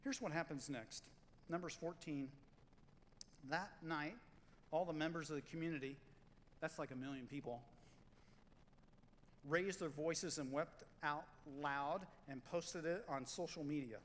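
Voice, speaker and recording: A man preaching a sermon as pastor, in a conversational, animated way, acting out quotes and stories. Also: fairly high pitch, unhurried, long pauses, big-room sound, a little hiss or hum, low-quality recording.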